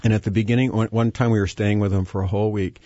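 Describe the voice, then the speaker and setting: A man's voice: lowish voice, fairly even intonation, fast, warm tone, no echo. A man guest talking about faith in a hesitant way, with many fillers and restarts. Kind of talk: faith-based conversation. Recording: dull, dry lo-fi sound.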